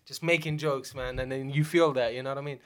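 A man's voice: mid-range voice, fairly even intonation, quick pace. A young man hosting a podcast, chatting casually and loosely with lots of slang and laughter. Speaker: podcast host. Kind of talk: casual chat.

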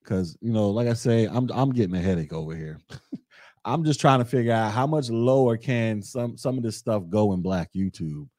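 A young man hosting a podcast, talking through his views in a relaxed, conversational way and reading chat comments aloud. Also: on the low side, normal speed, dry recording, clean studio sound. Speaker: podcast host. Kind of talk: casual commentary monologue.

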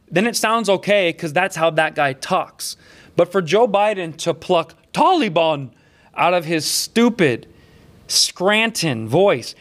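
A man's voice: on the high side, lively intonation, faint music behind. A man hosting a comedic political talk show, with sarcastic, mocking riffs. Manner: sarcastic, mocking, riffs quickly between topics.

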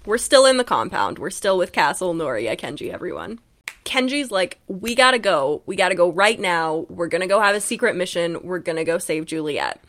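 Laughing young woman recapping a book. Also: mid-range voice. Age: young adult. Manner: animated, laughing, acts out quotes. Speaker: podcast co-host recapping a book. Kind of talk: casual chat.

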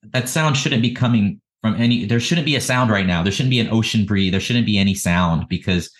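A man appearing as a podcast guest tells an emotional personal story haltingly, often repeating words and laughing between phrases. His voice is fairly low in pitch, and the audio quality is poor.

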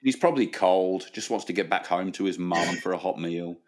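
A man co-hosting a comedic podcast, reacting quickly with playful teasing. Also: low-pitched. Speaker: podcast co-host. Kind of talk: comedic casual chat.

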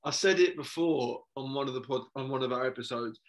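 Man, from England, podcast co-host, casual chat, ranting, sweary, excitable. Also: mid-range voice, a little fast.

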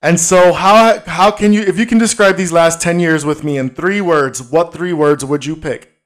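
A man's voice: fairly high pitch, normal speed. Man, playful podcast host. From Brooklyn, New York. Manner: playful, teasing, loud and animated. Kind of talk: casual podcast chat.

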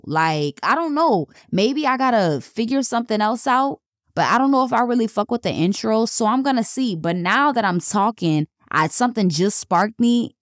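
A young woman hosting her own podcast in casual, blunt chat, swearing freely and jumping up in pitch when excited. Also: no room sound, studio quality. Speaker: podcast host.

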